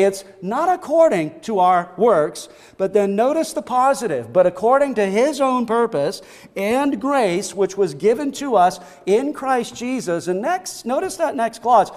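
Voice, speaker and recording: A man preaching a sermon, emphatic and repetitive, stacking short phrases for stress and often restarting his words. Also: high-pitched. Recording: long reverb of a large hall.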